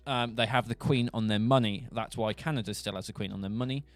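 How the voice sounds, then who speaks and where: A young streamer from England, with a Southern English accent from Buckinghamshire, jokes and rambles in a casual monologue. His voice is fairly low and fast, with faint music behind and no room sound.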